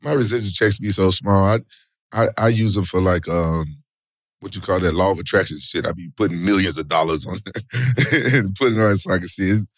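Interview guest: middle-aged man with a low voice and dry close sound. He tells stories in slangy, animated bursts. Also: fairly quick, no room sound. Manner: animated storytelling, loud exclamations, slangy. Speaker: interview guest, former fighter and actor. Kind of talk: casual interview talk.

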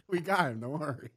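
Brief: male podcast producer, bright sharp tone, animated delivery. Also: a little high, husky. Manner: animated, quick to laugh. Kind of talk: casual chat.

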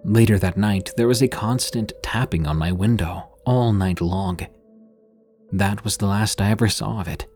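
A man with a somewhat low voice narrates horror stories in a grave, measured tone. He takes his time and lets dramatic pauses hang. Faint music plays quietly underneath.

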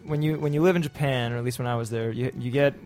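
A young man telling stories in casual chat, animated, often imitating the people he describes. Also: medium pitch, fast talker, faint music behind. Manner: animated storyteller, mimics officials. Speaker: podcast guest who lived in Japan.

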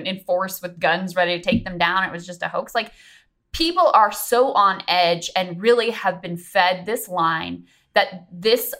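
Female pundit guest, lower register, crisp bright tone, analytical and earnest. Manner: earnest, analytical, with frequent ums. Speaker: political commentator guest. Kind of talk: casual political discussion.

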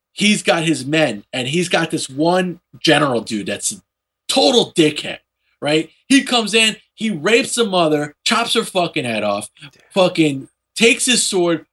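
His voice rather high and slightly rough, a man runs through a comic book's plot casually and with plenty of swearing. He animatedly slips into brief voices for each character.

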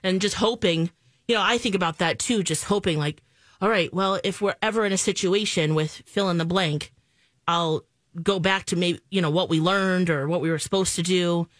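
A woman in her thirties co-hosting a morning radio show, telling stories in an animated way and laughing often. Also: lowish voice, normal speed, no echo. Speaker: co-host. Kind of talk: casual morning radio chat.

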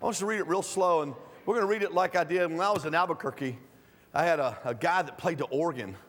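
A middle-aged male pastor preaching a sermon in a church, swinging from calm low teaching to loud pleading. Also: fast talker. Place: church sanctuary. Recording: reverberant hall.

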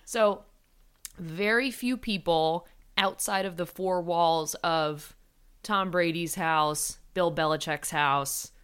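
A woman co-hosting a casual sports podcast, talking with animated enthusiasm. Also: fairly low pitch, slow pace, clean tone. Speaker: podcast co-host.

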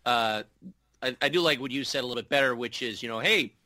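A man talking hockey on a podcast in an easygoing, rambling way, full of restarts and filler words. His voice is bright and forward. The recording is dry and close. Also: medium pitch, quick pace, dry recording. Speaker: podcast co-host. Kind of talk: casual sports chat.

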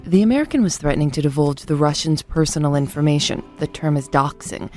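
Deep-voiced woman narrating a podcast. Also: lively intonation, quick pace, darkish tone, faint music behind. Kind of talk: scripted narration and interviewing.

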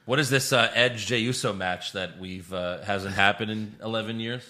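Podcast co-host, male, bright forward tone, swears freely, loose recap delivery. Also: fairly low pitch, normal speed. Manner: profane, animated recapping. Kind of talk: casual chat.

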